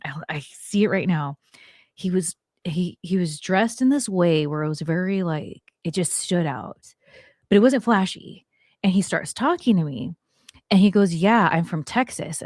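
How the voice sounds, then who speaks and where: A woman in her forties hosting a talk show, telling a story in a lively way and acting out what people said. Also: lowish voice, dry recording, clean studio sound. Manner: animated, acts out quotes, swears it is true. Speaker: podcast host. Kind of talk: storytelling chat.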